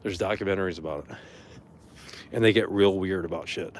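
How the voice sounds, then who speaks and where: Here a streamer with a voice that sits low vents his anger at someone who annoyed him, cursing freely in casual talk. He talks fairly quickly and loudly mimics the person to mock them, over a little hiss or hum.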